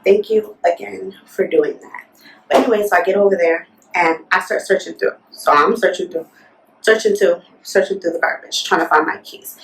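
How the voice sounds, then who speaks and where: A woman's voice: medium pitch, fairly even intonation, normal speed, slight background noise. Young woman vlogger, indignant storytime retelling, echoey room, mic a bit far off. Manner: fired-up, indignant, talks with lots of "like". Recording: roomy echo, mic at a distance.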